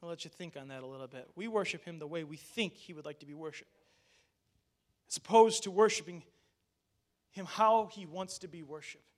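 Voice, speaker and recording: Male pastor with a high voice, animated sermon that drops into casual asides with the church. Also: fairly quick, long pauses. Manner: animated, addresses the congregation directly; conversational asides with restarts.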